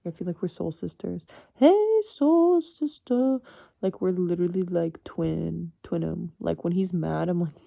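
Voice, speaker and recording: Woman, 18, late-night solo chat, rambling, blunt, swears a lot, gravelly fry, dry close sound. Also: on the low side, little pitch movement, normal speed, few pauses, mellow, no echo. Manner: rambling, frank, swears freely, chuckles often. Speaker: university student.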